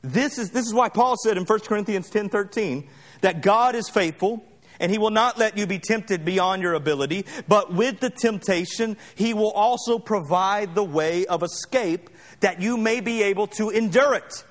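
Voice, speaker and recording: A pastor preaching a sermon with emphatic repetition and light humorous asides. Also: male voice, high-pitched, moderate pace.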